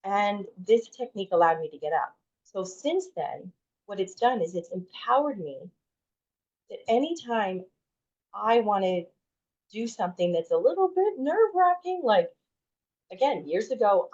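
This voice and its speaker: A woman's voice: medium pitch, lively intonation, measured pace, darkish tone. A woman in her forties, a podcast guest telling a personal story in a chatty way, full of "like" and restarts. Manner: chatty, heavy use of "like", frequent restarts. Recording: dull lo-fi audio.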